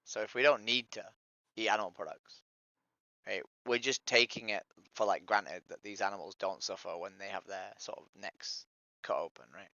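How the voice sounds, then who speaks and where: Man, activist streamer, bright tone, persistent questioning, dry lo-fi sound. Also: lowish voice, steady tone, normal speed, dry recording. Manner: persistent, repeats his opening line, probing questions. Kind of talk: street-outreach style questioning on voice chat.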